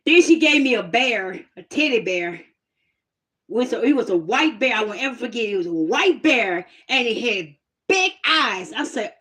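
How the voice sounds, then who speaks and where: A woman casually telling a personal testimony story, animated and plain-spoken, laughing often. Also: a little high, normal speed. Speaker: host sharing a testimony.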